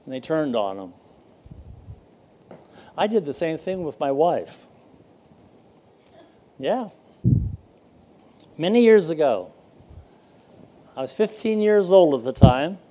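An older man preaching a sermon as pastor, telling stories in a folksy way with dramatic pauses. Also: on the high side, big pitch swings, mellow.

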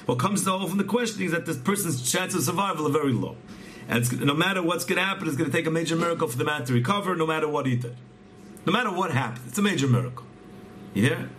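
A man earnestly telling a religious story, often repeating words and restarting phrases as he goes. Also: fairly high pitch. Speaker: storyteller teaching a religious tale.

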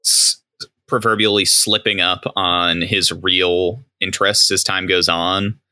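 Deep, sharp-toned man chatting enthusiastically. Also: flat delivery, no room sound, poor audio. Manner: enthusiastic, with "um" pauses. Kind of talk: casual chat.

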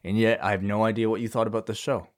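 A man's voice: fairly low pitch, level tone, fast talker. A man co-hosting a wrestling post-show podcast in easygoing, casual chat. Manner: easygoing, laughs often. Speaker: podcast co-host.

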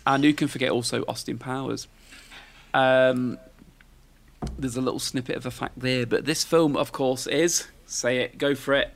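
Gravelly man, chatty podcast host. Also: mid-range voice, fairly even intonation, moderate pace, slight background noise. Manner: rambling, chatty, lots of fillers and tag questions. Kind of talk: casual chat.

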